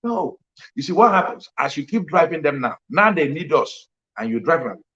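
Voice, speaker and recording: A man's voice: fairly high pitch, big pitch swings, normal speed, a bit bright, muffled recording. A man preaching at a parenting conference, emphatic and repeating his key lines for effect. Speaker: pastor. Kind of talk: sermon.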